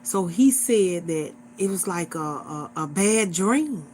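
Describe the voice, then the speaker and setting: A woman's voice: lowish voice, expressive, slow, darkish tone, slight background noise. A woman in her forties hosting a livestream, talking to her viewers in an earnest, repetitive, exhorting way, like a casual sermon. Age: 40s. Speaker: livestream host.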